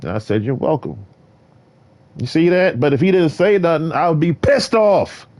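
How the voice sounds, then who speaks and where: A man's voice: on the high side, lively intonation, normal speed, darkish tone. A man streaming a game, talking straight to his viewers in a boastful, preachy, rambling way from a carpeted room. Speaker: gaming streamer. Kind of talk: rambling solo stream talk. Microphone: desk mic in a carpeted room.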